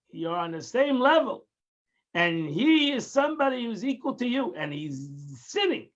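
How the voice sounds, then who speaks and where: A man's voice: very high-pitched, vocal fry, muffled recording. A man teaching a daily Tanya lesson, explaining patiently, repeating and restarting phrases and mixing in Hebrew terms. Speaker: Torah teacher.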